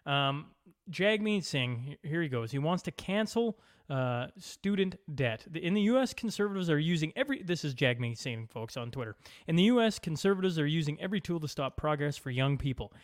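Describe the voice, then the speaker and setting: A man's voice: fairly high pitch, brisk, dry recording, clean studio sound. A man co-hosting a podcast, joking around and reading posts aloud in a casual way. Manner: animated, joking, reads tweets aloud. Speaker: podcast co-host. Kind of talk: casual political chat.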